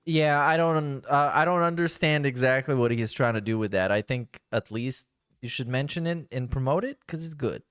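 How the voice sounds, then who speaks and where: A man's voice: mid-range voice, moderate pace, fairly bright tone, clean tone, no echo, clean studio sound, soft background music. A man hosting a podcast, giving blunt, sarcastic casual commentary on a clip. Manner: blunt, sarcastic, restarts often. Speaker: podcast host.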